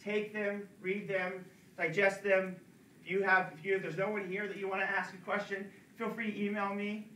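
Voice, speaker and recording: A man's voice: high-pitched, flat delivery, normal speed, bright, forceful tone, slight background noise. A man giving an earnest talk at a college event, urging his listeners and repeating words for emphasis, recorded from a distance in a room. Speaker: speaker at a campus pro-life talk. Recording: echoey room, distant mic.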